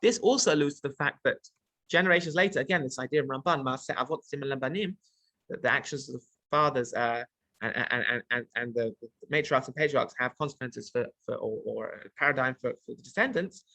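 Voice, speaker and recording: Bright-voiced man teaching a text class. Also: medium pitch, quick pace, no echo. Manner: translates Hebrew phrases as he goes, many restarts. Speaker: Torah teacher.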